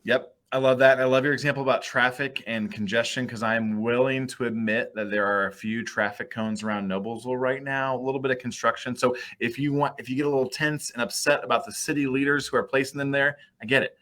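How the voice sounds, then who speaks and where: Bright-voiced Midwestern man co-hosting. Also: medium pitch, fairly even intonation, fast talker, few pauses. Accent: Midwestern American. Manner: friendly, affirming, chatty. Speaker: co-host, city mayor. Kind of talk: live talk show conversation.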